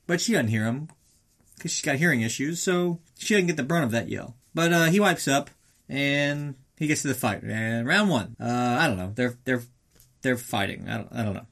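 A man's voice: moderate pace, gravelly, fairly bright tone. Young man, podcast host, rambling crude movie recap, offhand comic delivery. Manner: rambling and crude, acts out characters in high voices.

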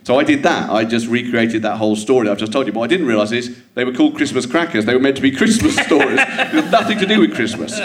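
Animated English comedian telling a story. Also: male voice, mid-range voice, fast talker, few pauses. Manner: animated storyteller who acts out quotes, builds to punchlines. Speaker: comedian guest. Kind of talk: anecdotal storytelling to a live audience. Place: theatre stage with live audience.

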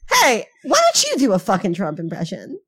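A woman co-hosting a comedy podcast, chatting casually with quick, teasing, swearing banter. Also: medium pitch, huge pitch swings, a bit bright, breathy edge. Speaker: podcast co-host.

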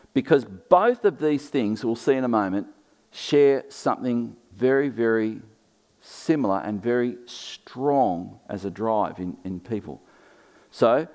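A male pastor preaching to his congregation. He talks with emphasis, slowing on key points and dropping in humorous asides. His pitch sits in the middle for a man. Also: darkish tone. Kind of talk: sermon. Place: church.

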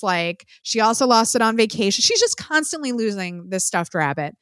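A woman co-host recaps a film in casual podcast chat, swearing freely and telling it with lively energy. Her voice sits a little high and sounds smooth and clear, close and dry with no room sound. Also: moderate pace, hardly any pauses, no room sound. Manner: profane, lively storytelling.

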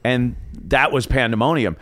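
A man, a former radio host telling stories in a relaxed podcast chat, pausing often on "uh". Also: medium pitch, dry recording. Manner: relaxed, laughs easily, many "uh" pauses. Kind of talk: casual storytelling chat.

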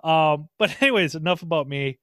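A man's voice: fairly high pitch, a little fast, a bit bright, no room sound, clean studio sound. A man hosting a podcast in casual chat, laid-back, laughing often and swearing freely. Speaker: podcast host.

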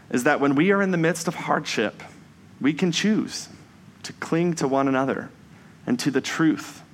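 A man preaching a Sunday sermon in a measured, reflective way, slowing down for emphasis on key phrases. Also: medium pitch, a bit bright.

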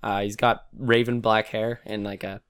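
A male game master describes the scene in a casual, unhurried way, his throat a bit strained. He fills gaps with ums and uhs. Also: fairly low pitch, flat delivery, a bit bright, clean tone. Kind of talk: narrating a tabletop game.

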